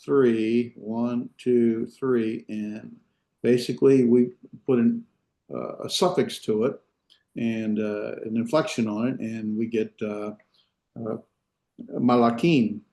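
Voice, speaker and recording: A man teaching a language class in a lecture, unhurried and full of fillers and restarts as he explains step by step. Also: mid-range voice, fairly even intonation, creaky, warm tone. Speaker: Hebrew instructor. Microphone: video call.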